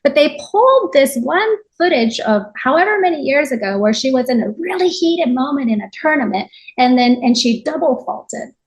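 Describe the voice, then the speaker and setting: Woman interview guest, slightly high pitch, reflective and animated. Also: moderate pace, hardly any pauses, low-quality recording. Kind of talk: conversational interview.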